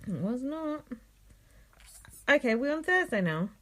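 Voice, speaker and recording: A woman's voice: high voice, big pitch swings, measured pace. A woman co-hosting a podcast, chatting casually, giggly and blunt, swearing freely. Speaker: podcast co-host. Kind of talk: casual chat.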